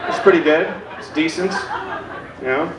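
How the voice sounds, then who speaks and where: A self-deprecating stand-up comic in his forties works a club stage in a fairly high voice. He is heard from a little way off the mic, in a roomy room with a faint hum of ambience behind. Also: normal speed, distant mic, a crowd in the background. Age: 40s. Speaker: stand-up comedian. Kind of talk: stand-up comedy set. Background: audience laughter.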